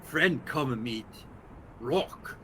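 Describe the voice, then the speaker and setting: A man's voice: medium pitch, animated, takes it slowly, bright, forceful tone, a little hiss or hum, rough recording. A man voicing a small, timid gnome-like creature that talks in broken, childlike phrases. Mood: eager.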